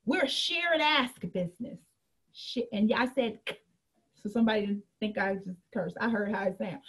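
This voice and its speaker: A woman coaching an online group about her business in a candid, animated way. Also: medium pitch, normal speed, breathy edge. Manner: animated and candid, acts out chats in a bright girly voice. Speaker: network marketing coach.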